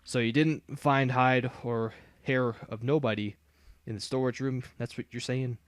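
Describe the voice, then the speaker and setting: Brief: folksy Southern-drawl promoter, slow and down-home, read by a man. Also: mid-range voice, steady tone, no room sound, close to an everyday voice. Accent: put-on American Southern drawl. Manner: slow, drawn-out country talk. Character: folksy drawling male fight-club promoter. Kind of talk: reading game dialogue aloud.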